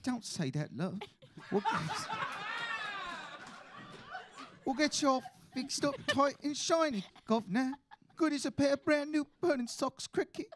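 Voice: high voice, animated, a little slow, a little hiss or hum. A performer at a live comedy script reading playing a Cockney junkie who soothes and reassures a dying friend. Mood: coaxing.

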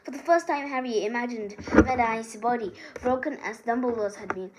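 A woman reading a novel aloud, with halting delivery and frequent restarts. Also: fairly high pitch, very noisy. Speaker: reader. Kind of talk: amateur audiobook reading.

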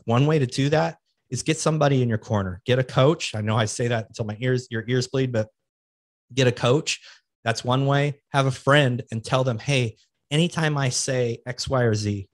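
Male podcast host, 30s, mid-pitched, motivational and plain-spoken, dry booth sound. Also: no echo. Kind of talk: casual solo podcast talk.

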